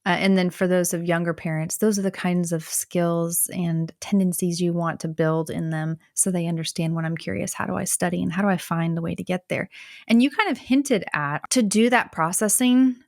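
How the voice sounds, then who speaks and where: A woman co-hosting a podcast, explaining ideas in a thoughtful way, with pauses and fillers. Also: fairly low pitch, steady tone, gravelly, dry recording, clean studio sound. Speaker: podcast co-host. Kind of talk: conversational podcast discussion.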